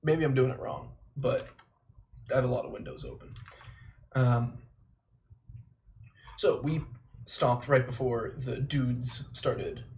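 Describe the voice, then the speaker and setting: A livestreamer memorizing a play chats casually in a middle-pitched voice, self-deprecating and slipping in the occasional mild swear. He sounds expressive, slow, and a little mellow, with long pauses. Faint background noise and mouse clicks are audible.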